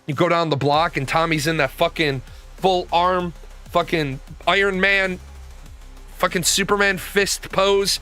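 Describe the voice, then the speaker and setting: A man in his forties, a streamer, telling stories in a profane, animated rant. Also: high voice, unhurried, faint music behind. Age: 40s. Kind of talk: ranting casual talk.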